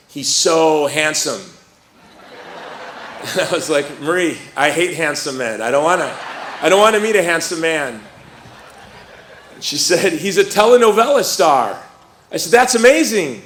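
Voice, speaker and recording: A middle-aged man giving a speech at a rally, telling stories in an animated way and joking about himself. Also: on the high side, slight background noise. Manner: animated storytelling, self-mocking humor. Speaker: speaker at a rally. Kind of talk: storytelling speech. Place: stadium. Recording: roomy stadium sound.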